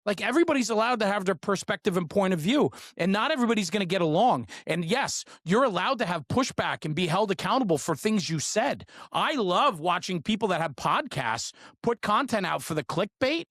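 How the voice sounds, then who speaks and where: A man's voice: high-pitched, expressive, a little fast, hardly any pauses, fairly bright tone, no echo, studio quality. A man hosting a fire service podcast, talking bluntly in a fired-up way and swearing freely. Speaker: podcast host. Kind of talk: casual podcast conversation.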